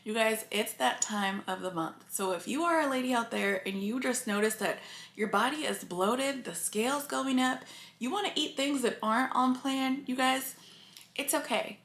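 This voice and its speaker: A woman's voice: a little high, moderate pace, a bit bright. A woman vlogger talking earnestly and openly to her viewers, emotional and close to tears. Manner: earnest and confiding, addresses viewers often. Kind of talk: casual talk to camera. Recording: echoey room.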